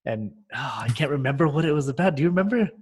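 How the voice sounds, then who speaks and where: A man co-hosting a casual chat, rambling through memories and acting out scenes in animated voices. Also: fairly high pitch, fast talker, breathy edge. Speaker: podcast co-host.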